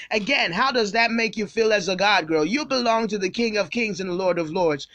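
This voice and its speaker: A woman's voice: medium pitch, fairly bright tone, dry recording. A woman pastor teaching a Bible sermon, speaking emphatically and repeating phrases for stress.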